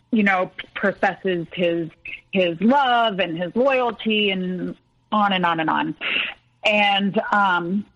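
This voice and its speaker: Woman guest on a podcast, talks slow and halting, muffled lo-fi sound. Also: mid-range voice, fairly bright tone. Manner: halting, hesitant. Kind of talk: recounting a personal story.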